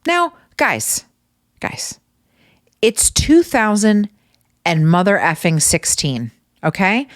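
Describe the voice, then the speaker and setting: A woman hosting her own podcast, telling funny stories in a casual, animated way and swearing freely. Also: medium pitch, slow pace, long pauses, dry recording, studio quality. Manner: animated, profane, exasperated storytelling. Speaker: podcast host. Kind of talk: casual comedic storytelling.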